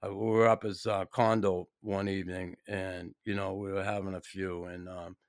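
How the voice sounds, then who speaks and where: Gravelly-voiced man hosting a podcast. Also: low-pitched, little pitch movement, normal speed, dry recording, clean studio sound. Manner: emphatic, swearing, pointed questions. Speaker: podcast host. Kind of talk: casual chat.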